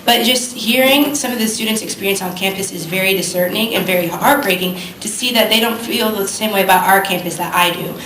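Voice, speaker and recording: A young woman, a student candidate, giving a rapid, earnest debate closing statement that rambles a little. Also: medium pitch, fairly bright tone. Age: young adult. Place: debate stage in a hall. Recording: roomy hall, faint background noise.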